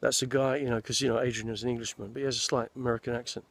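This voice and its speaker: Background noise accompanies this man in his sixties, an actor whose flat, medium-pitched voice comes out rapid-fire with vocal fry. In a forest, he meanders through casual stories of his film days, frequently restarting his thoughts.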